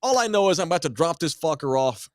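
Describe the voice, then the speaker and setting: A man's voice: a little high, quick pace, no room sound, clean studio sound. A man, hosting a podcast and telling a story casually with lots of swearing. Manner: profane, animated storyteller. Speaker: podcast host.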